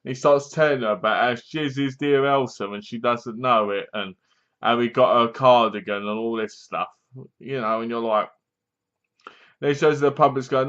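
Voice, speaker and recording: A man retelling a horror movie plot for his review vlog, rambling and loose, with lots of fillers. His voice sits at a middling pitch. The recording is dull and lo-fi. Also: normal speed, a bit bright, clear, resonant tone. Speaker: film reviewer. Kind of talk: casual film review vlog.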